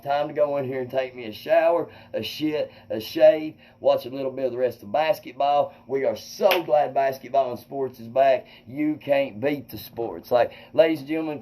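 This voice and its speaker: A man telling a wild personal story to viewers, animated and swearing, acting out quotes loudly. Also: medium pitch, a little hiss or hum, low-quality recording. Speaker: comedian host.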